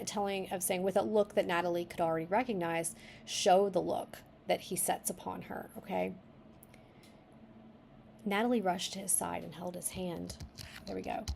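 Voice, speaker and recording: Gravelly-voiced woman giving writing feedback. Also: medium pitch, a little mellow, a little hiss or hum. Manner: thinking aloud, stops to suggest rewrites. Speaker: writing critic reading a manuscript. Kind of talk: reading aloud with editing feedback.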